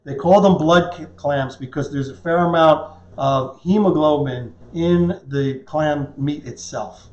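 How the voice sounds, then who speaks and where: A man's voice: a little high, unhurried, hardly any pauses. A man hosting a casual cooking demonstration in a kitchen, explaining things in a chatty way with small puns. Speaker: cooking show host. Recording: roomy, dull lo-fi kitchen sound.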